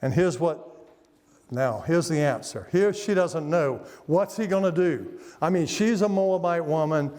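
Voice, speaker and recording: Older preacher guy, folksy stories, bit high voiced, echoey church hall. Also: measured pace, a little mellow. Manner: folksy storytelling with laughs. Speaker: guest preacher. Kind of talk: sermon. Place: church sanctuary.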